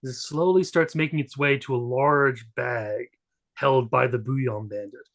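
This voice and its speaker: A man's voice: medium pitch, steady tone, unhurried, a bit bright. A man narrating as game master of a tabletop role-playing game, laid-back and joking, with fillers.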